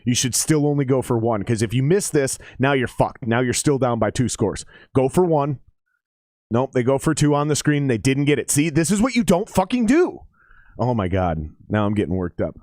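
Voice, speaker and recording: A man's voice: medium pitch, normal speed, darkish tone, no echo, studio quality. A man in his forties giving casual, profane live-stream commentary on a football game and chatting with his viewers.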